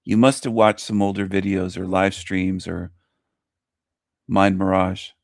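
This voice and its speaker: A man's voice: deep voice, a little slow, gravelly, no echo, studio quality. A man hosting his own show, commenting on a video he plays, scornful and mocking as he rants. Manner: scornful, mocking, animated ranting. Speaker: host.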